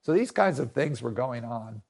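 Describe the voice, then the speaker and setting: A man's voice: mid-range voice, lively intonation, moderate pace, creaky, a little mellow, breathy edge. A man preaching a conversational sermon, often restarting and repeating his phrases.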